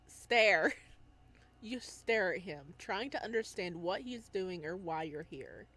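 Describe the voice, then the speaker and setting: Excitable woman reading a game aloud. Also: on the low side, measured pace. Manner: excitable, talks back to the character. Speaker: game player.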